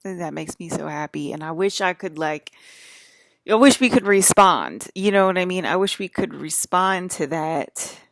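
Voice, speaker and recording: Low, gravelly tinged woman vlogging. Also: lively intonation, normal speed, fairly bright tone, no echo. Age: adult with children. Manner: chatty, wandering, restarts mid-sentence. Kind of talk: rambling casual monologue. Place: hotel room.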